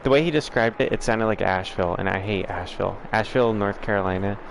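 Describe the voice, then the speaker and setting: A man's voice: fairly low pitch, quick pace, vocal fry, a little hiss or hum. A man from the States, hosting a livestream and chatting with viewers in a rambling, frank way full of fillers. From southern United States. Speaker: livestream host. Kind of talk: casual chat answering viewers.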